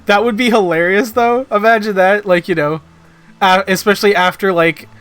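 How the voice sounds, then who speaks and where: A man's voice: high-pitched, fairly even intonation, moderate pace, fairly bright tone, clean tone, dry recording. A man streaming a video game, riffing in a joking, rambling way full of slang and fillers. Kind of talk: casual gaming stream commentary.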